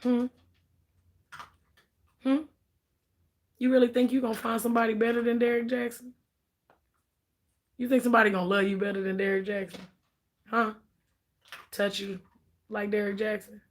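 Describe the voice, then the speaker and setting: A woman voicing a grown husband who talks in a low, calm, coaxing way and guilt-trips his wife. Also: normal speed, long pauses, close to an everyday voice. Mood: smug. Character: soft-spoken manipulative grown husband. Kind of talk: mocking impression in commentary.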